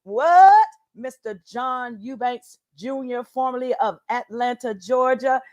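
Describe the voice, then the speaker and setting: Guest author, woman, high voice, slow and unhurried, exuberant. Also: highs cut off. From United States. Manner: exuberant, preachy, laughs and shouts often. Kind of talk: casual chat.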